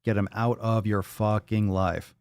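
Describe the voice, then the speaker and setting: A man's voice: fairly low pitch, little pitch movement, measured pace, darkish tone, clear, resonant tone, no echo, clean studio sound. A man hosting a livestream podcast, talking bluntly and profanely in a fired-up, casual way.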